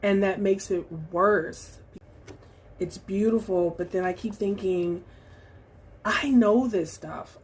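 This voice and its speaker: A woman talking through her recent reading in a casual vlog, reflective and halting, with many fillers and restarts. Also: on the low side, a little mellow, slight background noise. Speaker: book vlogger. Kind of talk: casual book review vlog.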